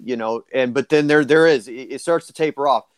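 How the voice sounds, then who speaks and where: A man of middling pitch co-hosts a casual chat, stumbling through restarts as he hunts for words. The recording is dry and close. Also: smooth, dry recording. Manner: halting, many restarts and fillers. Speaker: podcast co-host.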